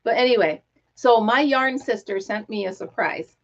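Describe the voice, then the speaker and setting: A middle-aged woman hosting a casual live stream, talking excitedly and telling stories with quoted voices. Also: a little high, moderate pace. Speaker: livestream host. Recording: dull lo-fi live-stream audio.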